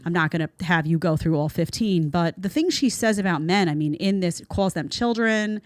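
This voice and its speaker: A woman hosts a commentary show, delivering blunt, sarcastic takes on viral videos. Her voice sits on the low side. The recording is dry, with almost no room sound. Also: normal speed, no room sound. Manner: blunt, sarcastic, mocks others in mimicking voices. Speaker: host. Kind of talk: opinionated commentary on viral clips.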